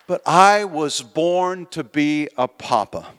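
A man's voice: a little high, slow pace, a bit bright, clear, resonant tone, a faint crowd. An older man preaching a sermon in a church, telling his own story earnestly and building to emphatic appeals. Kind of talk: sermon with personal testimony. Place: church sanctuary. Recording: long hall reverb in a church.

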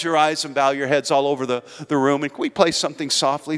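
A man's voice: a little high, fairly even intonation, fast talker, hardly any pauses, a bit bright, clean tone. An older man preaching a sermon in a church, telling his own story earnestly and building to emphatic appeals. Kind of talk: sermon with personal testimony. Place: church sanctuary. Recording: long hall reverb in a church.

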